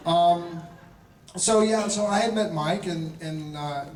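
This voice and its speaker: Man in his fifties, lively storyteller, fairly high voice, echoey hall audio from a distance. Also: takes it slowly, a little hiss or hum. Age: 50s. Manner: animated storyteller, chuckling and restarting sentences. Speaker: guest actor at a fan convention panel. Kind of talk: casual anecdote-telling to an audience. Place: large convention hall panel.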